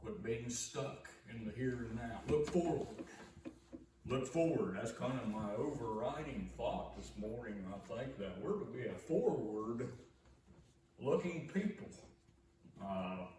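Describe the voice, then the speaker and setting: A man's voice: medium pitch, animated, slow pace, crowd noise. A man preaching a sermon as pastor, reading scripture with earnest, rising emphasis. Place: church sanctuary. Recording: echoey church recorded from far off.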